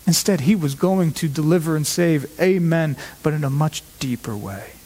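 High-voiced preacher in a reverberant hall. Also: male voice, moderate pace, darkish tone. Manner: emphatic, shifts pace and pitch for emphasis. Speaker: pastor. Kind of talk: sermon. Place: church sanctuary. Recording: long reverb of a large hall.

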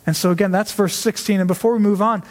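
A man with a high voice delivers a conversational sermon in a church sanctuary. He leans on rhetorical questions and slows down to stress key phrases. A long hall reverb trails his words. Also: fairly even intonation. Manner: conversational, frequent rhetorical "right?", slows for emphasis. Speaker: pastor.

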